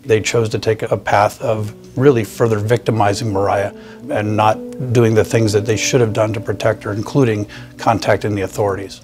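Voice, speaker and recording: Male lawyer type, low voice, firm, faint music. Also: steady tone, normal speed, darkish tone. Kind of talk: documentary interview.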